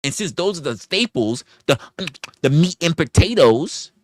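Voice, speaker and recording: A man hosting a live stream, ranting and arguing with chat, swearing often, firing off rhetorical questions and shouting out donors. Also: fairly high pitch, big pitch swings, a little slow, slight background noise. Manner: profane, argumentative, fires rhetorical questions; reads out and thanks viewer donations. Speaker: livestream host. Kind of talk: live-stream commentary and rant.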